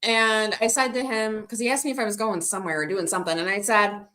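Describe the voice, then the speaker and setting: Woman streamer, middle pitch, bright and forceful tone, rambling casual chat with her viewers. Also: fairly even intonation, fast talker. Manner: chatty, rambling, reads out and answers viewer comments. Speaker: livestreaming vlogger.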